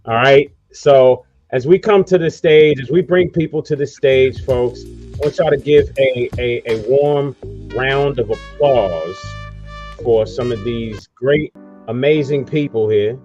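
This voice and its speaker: A man's voice: mid-range voice, a little slow, darkish tone, lo-fi sound, soft background music. Rambling talk-show host man. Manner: loose, rambling, promo-heavy. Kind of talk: casual online radio talk show.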